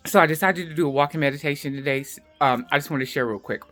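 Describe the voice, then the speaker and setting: A middle-aged woman talks straight to her viewers in a loose, chatty vlog, leaning on her words and repeating them to make a point. Her voice sits fairly low, and soft music plays faintly underneath. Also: very fast. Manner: chatty, emphatic, repeats herself for stress. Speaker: vlogger. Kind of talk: casual talk to camera.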